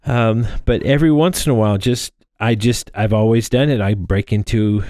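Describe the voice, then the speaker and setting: A man in his thirties casually walks through building a drone frame, rambling with lots of fillers and restarts. His voice is fairly low and a little mellow, at a normal speed. A close mic sits in front of him, giving clean studio sound with no room noise.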